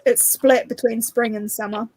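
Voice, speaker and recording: A woman's voice: fairly high pitch, little pitch movement, moderate pace, darkish tone, no room sound. A young woman chatting casually in a dry, teasing way on a reading stream. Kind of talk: casual chat.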